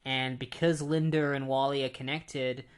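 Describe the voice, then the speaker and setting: A man's voice: mid-range voice, little pitch movement, normal speed, smooth. A man talking through a comic book plot in a loose, casual way. He rambles, stops often on fillers and restarts his sentences as he goes. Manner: rambling, many ums and likes. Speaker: comic book retrospective host.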